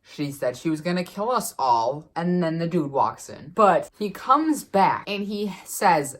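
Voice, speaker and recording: Low-voiced woman telling a chatty story. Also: a little slow. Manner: chatty, animated retelling with lots of fillers. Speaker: vlogger. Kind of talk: casual storytelling.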